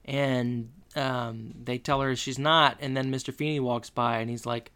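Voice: mid-range voice, steady tone, a little slow, fairly bright tone, smooth. A podcast co-host recapping a TV episode in casual chat, with dry conversational asides.

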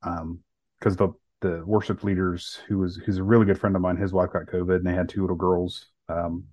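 Low-voiced man telling a personal story. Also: little pitch movement, brisk, a little mellow, no room sound. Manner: earnest, many fillers and restarts. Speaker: podcast co-host. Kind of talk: casual podcast storytelling.

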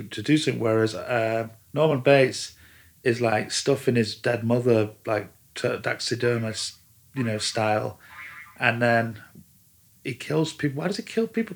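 Rambling, stop-start man in casual chat. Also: medium pitch. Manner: rambling, many restarts and fillers. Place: lives in a German-speaking country.

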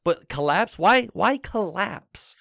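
A man's voice: sits high, animated, slow, gravelly, sharp tone, dry recording, studio quality. A man playing a flustered talk show host in an improvised comedy interview, stammering through many restarts.

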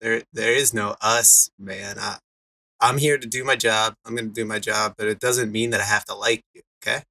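A man's voice: fairly low pitch, fairly even intonation, normal speed, sharp tone, no echo, pitched below the performer's own voice. A man voicing a surly veteran male pro wrestler who talks bluntly and confrontationally, in a tabletop game. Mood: hostile.

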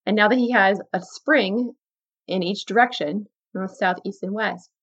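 A woman hosts a Christian podcast in an earnest, chatty way. She reads her stories aloud with lively, dramatic emphasis. Her voice sits at a middle pitch, and the recording is slightly muffled. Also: unhurried. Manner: earnest, conversational, often says "like" and "guys". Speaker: podcast host. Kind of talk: casual Christian podcast talk with read-aloud story.

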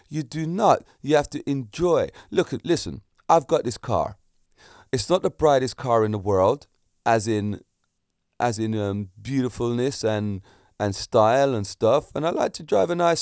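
Middle-aged guy telling a story, animated, does the voices, dry close sound. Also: mid-range voice, no echo. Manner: animated, acts out voices in his stories. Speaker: kickboxing instructor. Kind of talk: casual storytelling to camera.

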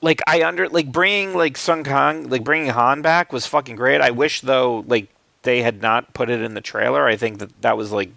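A man chats loosely about films, stumbling through restarts and fillers and swearing casually. His voice has a gravelly, creaky edge. The sound is dry and close, with no room echo. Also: medium pitch, moderate pace, sharp tone. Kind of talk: casual film discussion.

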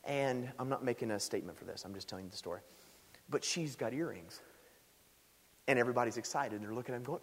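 A man preaching a sermon in a church sanctuary, telling stories in an animated way and rising loud when stirred. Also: mid-range voice, quick pace, husky. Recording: echoey hall.

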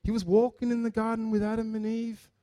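A man's voice: high-pitched, a little fast. A man preaching a sermon in a chatty, joking way, acting out the people in his stories. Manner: animated, chatty, jokes and acts out quotes. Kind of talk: sermon with storytelling.

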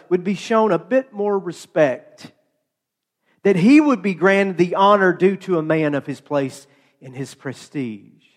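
High-voiced man preaching in a reverberant hall. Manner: storytelling, conversational with playful asides. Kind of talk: sermon.

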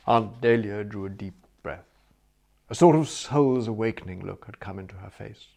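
A man narrating a comic novel as an audiobook, in a lively, mock-grand storytelling manner. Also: fairly low pitch, normal speed, creaky.

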